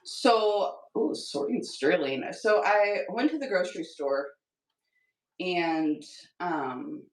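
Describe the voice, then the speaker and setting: A woman hosts a live craft-selling stream from home, chatting upbeat with her viewers while she works. Her voice sits a bit low and carries a tired edge. She stands back from the mic in an echoey room. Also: animated, slow pace, far from the mic. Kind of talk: casual livestream chat while painting.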